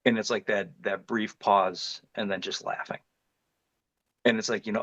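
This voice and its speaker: In a muffled recording with no room sound, a middle-aged interview guest from northeast Ohio earnestly relates a frightening encounter in vivid detail. His lowish, fairly bright voice holds fairly even intonation at normal speed, and he often restarts his phrases.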